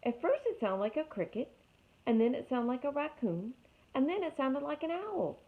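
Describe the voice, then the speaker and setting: A high, shrill male owl who screeches his warnings to the gathered animals, as a woman reads him aloud. The voice is loud and lively, and it comes through thin, phone-like audio. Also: moderate pace. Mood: announcing. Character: fussy male owl, alarmed elder of the animals.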